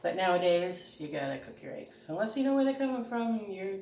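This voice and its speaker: A woman's voice: medium pitch, very animated, fairly quick, vocal fry, darkish tone, a little hiss or hum. A middle-aged woman with a regional American accent, chatting casually and laughing now and then as she cooks at home. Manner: chatty, homey, laughs often while talking. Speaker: home cooking channel host. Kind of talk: casual cooking demonstration. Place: home kitchen. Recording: echoey kitchen, mic at a distance. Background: clatter of dishes and cutlery.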